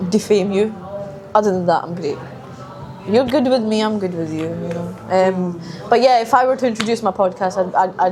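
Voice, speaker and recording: A woman with a Scottish accent hosting a podcast, chatting casually and joking about herself. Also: mid-range voice. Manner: quick, joking, self-mocking banter. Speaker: podcast host. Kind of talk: casual chat.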